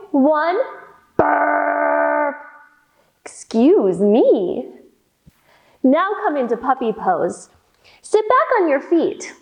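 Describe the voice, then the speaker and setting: A young woman leads a children's yoga storytime, cheerful and encouraging. Her voice sits high and swings widely in pitch. She takes each cue slowly and with care. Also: darkish tone. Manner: slow, cheerful and encouraging, with playful animal sounds. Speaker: kids yoga instructor.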